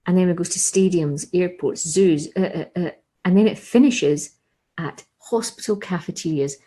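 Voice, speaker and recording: A woman's voice: fairly low pitch, normal speed, warm tone, breathy edge, rough recording. A woman giving an exam revision lesson, explaining patiently, repeating key points and asking rhetorical questions. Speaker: English teacher.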